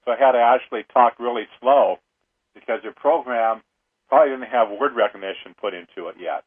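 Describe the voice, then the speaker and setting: Male radio host, mid-pitched, loose and wandering delivery, phone-line audio. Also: a little fast, breathy edge. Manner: rambling, filler-heavy, earnest. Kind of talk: casual talk-radio monologue. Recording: tinny phone-line sound.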